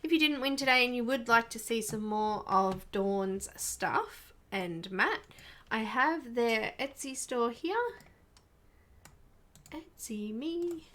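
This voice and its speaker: A woman hosting a live coloring stream, murmuring quietly to herself as she works and chatting casually with viewers. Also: a little high. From Australia. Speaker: livestream host.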